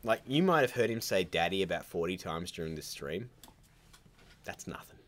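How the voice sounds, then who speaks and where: This is a man with a very low voice hosting a casual live stream from home. He rambles through blunt, opinionated takes, cutting himself off and circling back as he goes. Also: lively intonation, fairly quick. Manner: rambling, opinionated, self-interrupting. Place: at home by a computer, child nearby.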